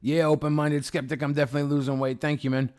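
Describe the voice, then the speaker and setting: A man's voice: on the high side, flat delivery, quick pace, a little mellow. A man hosting a livestream, chatting casually with his viewers in a rambling, profane, sarcastic way. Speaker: livestream host. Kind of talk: casual livestream chat reading viewer comments.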